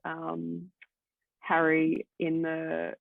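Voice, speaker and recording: Gravelly-voiced woman rambling with tons of likes, sounds like a phone line, super dry. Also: sits low, completely flat delivery, extremely slow, no room sound. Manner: rambling, full of "like" fillers, swears freely. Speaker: guest co-host. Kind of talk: casual podcast chat.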